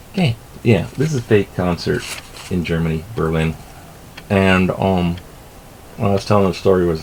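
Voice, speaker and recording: A middle-aged man with a low, gravelly voice and a lively, swinging delivery rambles through the news in an offhand, self-amused way. He swears casually and drifts from topic to topic. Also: a little hiss or hum, poor audio. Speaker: vlogger reading the news.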